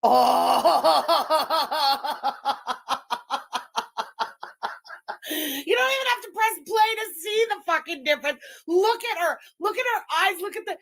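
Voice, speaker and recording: High, lively, gloating woman streamer. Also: a little fast, few pauses. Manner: giggly, gloating, profane. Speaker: streamer and channel host. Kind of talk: casual live commentary.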